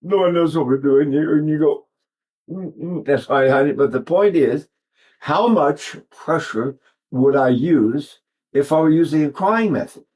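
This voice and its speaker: An elderly man in his eighties talks through a singing lesson in a loose, wandering way. His speaking voice sits somewhat high for a man. He keeps circling back and pausing to show what he means with his own voice. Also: expressive, a little mellow. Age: 80s. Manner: rambling, digressive, breaks off to demonstrate sounds. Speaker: voice teacher. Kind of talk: informal vocal lesson talk.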